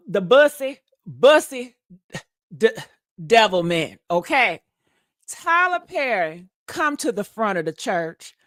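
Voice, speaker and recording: A woman's voice: medium pitch, fairly bright tone, no room sound, clean studio sound. A woman hosting a gossip commentary vlog, sassy and dramatic, preaching at viewers with church-style calls and pet names like honey and baby. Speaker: commentary channel host.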